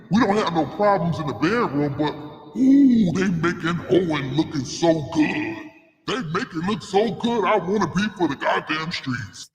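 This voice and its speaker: A bored, whining wife of forty moans in an exaggerated, mocking way, as a woman puts her on. Her pitch swoops up and down in wide arcs. The voice rings with a long, echoey hall reverb. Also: natural voice. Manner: whiny, exaggerated mocking complaint. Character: restless married woman of forty craving single life.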